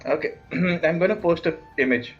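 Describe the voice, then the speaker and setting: A man playing a tabletop game, talking in a hesitant, dry deadpan way. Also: fairly high pitch, normal speed. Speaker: player. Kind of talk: casual game chat. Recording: muffled voice chat with faint music.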